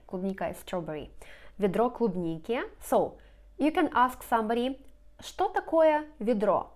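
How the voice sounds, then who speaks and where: A woman teaching in English, her tongue, repeating each new word twice. She speaks slowly and deliberately, at a mid pitch, walking through slides one word at a time. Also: a little mellow. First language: Russian. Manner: repeats each word slowly and clearly, rising question intonation. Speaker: language teacher. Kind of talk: slow lesson narration over slides.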